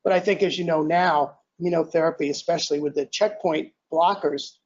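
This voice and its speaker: An older male lecturer with a somewhat high voice speaks at a podium mic in a lecture hall. He talks in a relaxed, self-deprecating way, clears his throat often and restarts sentences. The recording sounds dull and lo-fi. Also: a little fast. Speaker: invited lecturer. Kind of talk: academic lecture. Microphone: handheld or podium mic.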